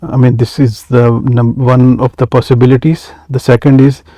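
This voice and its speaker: A man's voice: mid-range voice, little pitch movement, normal speed, warm tone, dry recording, low-quality recording. A man teaching an Arabic grammar lesson, reading Arabic phrases and then explaining each one in English with frequent hesitations.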